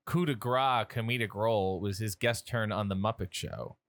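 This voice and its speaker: A man's voice: lowish voice, moderate pace, a bit bright, dry recording. A man co-hosting a casual chat, wry and profane, tossing in offhand asides.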